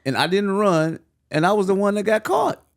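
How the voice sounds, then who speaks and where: A man's voice: sits high, sing-song, normal speed, creaky, no room sound, clean studio sound. A man co-hosting a podcast in casual chat, reacting emphatically and laughing easily. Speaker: podcast co-host.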